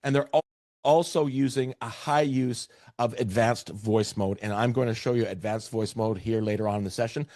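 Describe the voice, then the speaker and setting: A man's voice: medium pitch, steady tone, moderate pace, darkish tone, no echo, clean studio sound. A man from Canada with a Canadian accent, giving a training webinar and talking emphatically, often repeating words for stress. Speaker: presenter. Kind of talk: webinar presentation.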